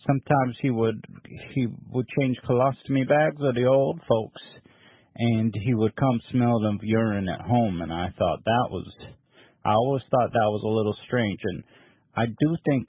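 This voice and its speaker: A man doing a sheepish old caller, about sixty-five, who rambles and stalls with husky, hesitant words. He sounds squeezed through a tinny phone line with no room around him. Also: mid-range voice, dry recording. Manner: halting, sheepish, full of fillers. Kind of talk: prank call to a psychic line.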